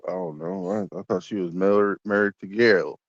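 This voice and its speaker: A man's voice: on the low side, big pitch swings, normal speed, creaky, dry recording, dull audio. A man in crude, joking casual chat, co-hosting a podcast. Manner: profane, joking, loose. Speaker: podcast co-host.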